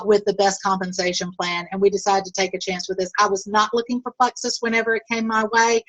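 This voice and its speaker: Woman, team leader, encouraging, chatty, video call, mid-pitched voice, many ums. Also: a bit bright, low-quality recording. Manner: upbeat, encouraging, many fillers. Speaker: network marketing team leader.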